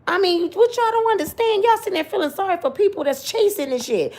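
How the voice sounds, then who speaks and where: A middle-aged woman with a somewhat high voice talks straight to her viewers in casual story-time commentary. She is blunt and preachy, scolds hard, and repeats her points for emphasis. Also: lively intonation, fairly quick, few pauses, a little mellow. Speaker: vlogger giving personal opinions.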